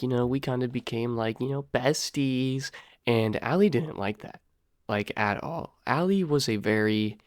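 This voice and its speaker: A young man casually telling a personal story to his viewers, rambling and slangy, peppering his talk with "dude" and "bro" and swinging between loud and quiet. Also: medium pitch, no echo, clean studio sound.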